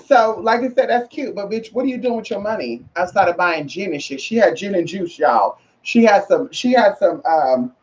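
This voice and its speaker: With a mid-range, darkish voice, a woman vlogs casually to camera, expressive and at a moderate pace with few pauses. Sassy and slangy, she keeps saying "girl" and "honey" and repeats phrases for emphasis. The audio is muffled and lo-fi, with a little hiss or hum.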